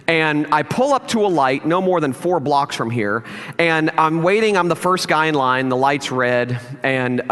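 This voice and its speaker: Male pastor, high and very animated delivery, storytelling sermon, recorded in a reverberant church hall. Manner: animated storytelling, acts out quoted lines.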